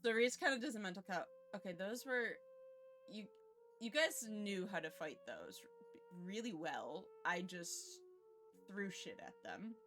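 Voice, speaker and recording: A woman's voice: mid-range voice, very animated, measured pace, fairly bright tone, faint music behind. A woman playing a tabletop game, playful and teasing, often laughing. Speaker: player.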